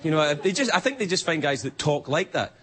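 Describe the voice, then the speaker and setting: Speaking fast in a sing-song voice on the high side, a late-night host with a Scottish accent rambles wryly through a stand-up monologue, slipping into silly voices. The TV studio recording includes audience laughter and noise.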